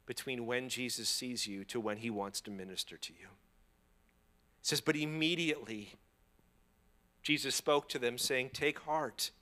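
A man preaching a sermon, drawing the congregation into call-and-response and moving between hushed, slow passages and loud, rising ones. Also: mid-range voice. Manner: playful asides to the audience. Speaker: pastor.

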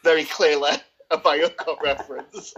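A man's voice: fairly high pitch, steady tone, moderate pace, a bit bright, breathy edge. A man rambles through his opinions in a casual film review chat, hesitating and circling back as he goes. His voice comes through a dull, lo-fi recording. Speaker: podcast co-host. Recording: dull lo-fi sound.

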